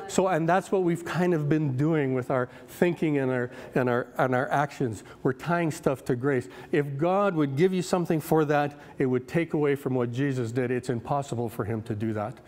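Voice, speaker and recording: Chatty fifty-something preacher with a higher voice. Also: male voice, moderate pace, darkish tone, long reverb tail. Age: 50s. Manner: conversational, anecdotal, with many restarts. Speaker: guest preacher. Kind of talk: sermon.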